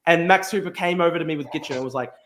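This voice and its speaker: Fast-talking young Australian man. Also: fairly high pitch. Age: young adult. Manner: rapid, animated, with frequent restarts and swearing. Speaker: podcast host. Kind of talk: casual storytelling chat.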